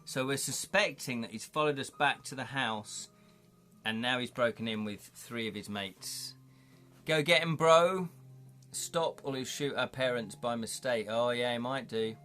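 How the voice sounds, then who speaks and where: Soft music plays behind a cheerful streamer as he runs an interactive gamebook, telling the story and reading chat out loud. His voice sits at medium pitch, slightly bright, at a moderate pace.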